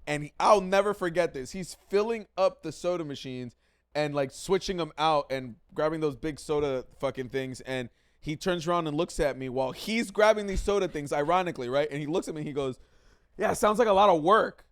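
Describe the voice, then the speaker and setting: A man's voice: on the high side, a little fast, clean tone. Emphatic swearing podcast host, man. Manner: emphatic, repeats himself, swears freely. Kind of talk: casual podcast chat.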